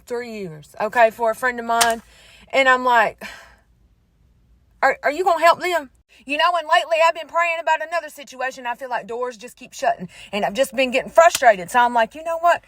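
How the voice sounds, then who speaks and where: A middle-aged woman telling a faith story in a sassy, animated way, talking straight to her listeners. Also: high-pitched. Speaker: faith vlogger. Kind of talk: casual testimony storytelling.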